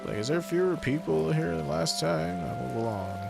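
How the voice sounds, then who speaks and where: A man's voice: a little high, animated, moderate pace, creaky. A man giving casual, rambling gameplay commentary, offhand and swearing freely, with game music behind him. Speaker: gamer streamer.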